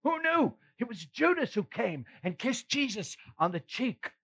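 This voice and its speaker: A man's voice: very high voice, very animated, a little slow, bright, forceful tone, slightly rough, exaggerated voice. A man playing the apostle Peter, retelling his failings in an earnest, emotional first-person monologue with sighs and rueful laughs. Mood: remorseful. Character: remorseful apostle Peter, adult man, earnest and self-reproaching. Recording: slightly muffled recording.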